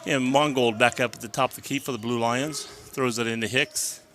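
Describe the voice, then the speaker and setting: A man calling a high school basketball game play-by-play, out of breath and rising with excitement on the big plays. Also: moderate pace, a little hiss or hum. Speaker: play-by-play announcer. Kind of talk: local sports commentary.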